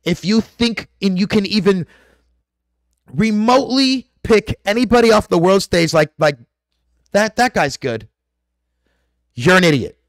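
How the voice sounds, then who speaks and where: High-voiced man ranting profanely. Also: lively intonation, measured pace, long pauses, dry recording, studio quality. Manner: aggressive, profane and preachy. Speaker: conspiracy vlogger. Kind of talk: ranting monologue to camera.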